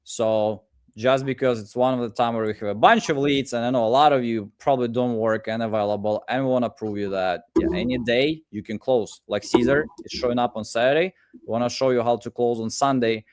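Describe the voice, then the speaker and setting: A man's voice: mid-range voice, fairly even intonation, brisk, darkish tone. Upbeat man hosting a livestream. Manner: upbeat, hype-building, with frequent "uh" fillers. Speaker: livestream host. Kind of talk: casual livestream chat.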